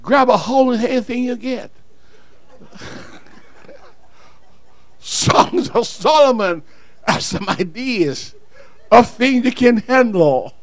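Man, preacher, high lively voice, dry close sound, shouted exhortation. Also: measured pace, no room sound. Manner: animated, swings from low asides to shouted exhortation. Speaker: pastor. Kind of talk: sermon.

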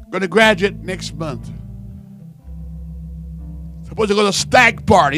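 A man preaching a sermon, telling his conversion story and building from quiet storytelling to shouted fervor. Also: high voice, measured pace, long pauses, faint music behind. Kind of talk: sermon testimony.

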